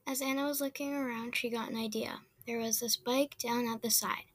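A woman's voice: on the high side, fairly even intonation, a little fast. A woman reading a children's story aloud in a plain way, with small slips and restarts. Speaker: reader.

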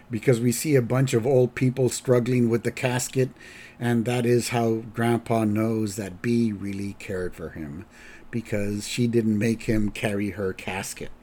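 A man casually recapping a cartoon episode as a podcast host, halting and rambling. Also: medium pitch, steady tone, a little mellow. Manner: rambling, halting, with fillers and restarts.

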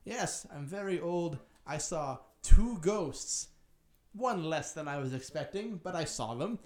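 A man playing a gruff old reformed miser. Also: on the high side, expressive, unhurried, a little mellow. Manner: brusque, rambling storyteller voice. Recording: roomy echo, faint music.

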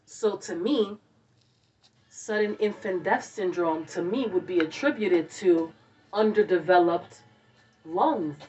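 A woman co-hosting a casual podcast chat, telling stories in an animated, profane way, heard on a dull, distant lo-fi recording. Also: mid-range voice, measured pace. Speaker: podcast co-host.

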